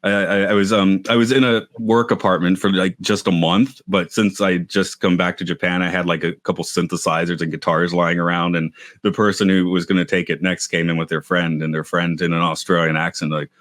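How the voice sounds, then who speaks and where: A man co-hosting a podcast, chatting casually in a halting, rambling way with many restarts. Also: sits low, flat delivery, fairly bright tone, no echo, studio quality. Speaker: podcast co-host. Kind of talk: casual chat. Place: lives in Japan.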